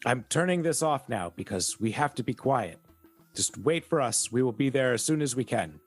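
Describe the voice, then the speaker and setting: A man's voice: medium pitch, expressive, moderate pace, faint music behind. A man voicing an older male benefactor with an Austrian accent, giving clipped orders over a crackly radio. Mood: commanding. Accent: Austrian, as put on.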